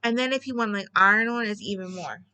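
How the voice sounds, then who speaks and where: A woman chatting casually at home about her newest craft supplies, gushing excitedly and rambling with restarts. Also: medium pitch, quick pace, clear, resonant tone, no room sound, rough recording. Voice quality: bubbly, chatty. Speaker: craft vlogger. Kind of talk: casual chat.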